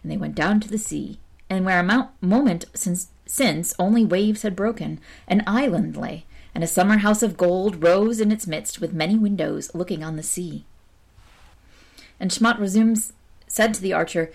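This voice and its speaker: Female storyteller reading a folk tale, measured and steady, mid-range voice. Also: mid-range voice. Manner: measured, lightly archaic narration.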